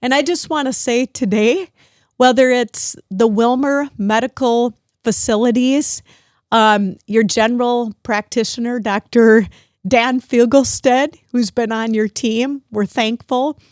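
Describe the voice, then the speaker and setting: Tearful, grateful woman, a touch high. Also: steady tone, measured pace, a little mellow, no echo, clean studio sound. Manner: emotional, grateful, at times tearful. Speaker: podcast host. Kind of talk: heartfelt family conversation.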